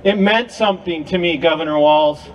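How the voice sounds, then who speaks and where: A man's voice: on the high side, moderate pace, muffled recording, a little hiss or hum. A man giving an impassioned speech to a crowd at an outdoor rally, with a preacher-like cadence. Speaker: rally speaker.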